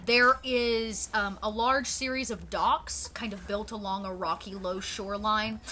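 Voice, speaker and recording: Bright-voiced woman game master. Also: medium pitch, steady tone, unhurried, slight background noise. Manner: chatty, lots of fillers and restarts. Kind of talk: narrating a tabletop game.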